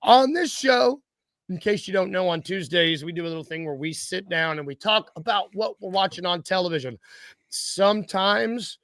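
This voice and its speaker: Gravelly-voiced man, playful podcast co-host. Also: high voice, animated, moderate pace, fairly bright tone, dry recording, clean studio sound. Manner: playful, rambling, laughs easily. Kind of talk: casual sports podcast chat.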